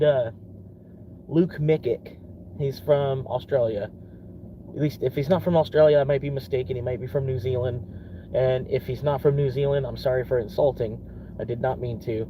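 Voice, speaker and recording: A man's voice: medium pitch, noisy background. A young man from Florida in a casual rambling vlog, swearing often and laughing between thoughts. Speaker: vlogger.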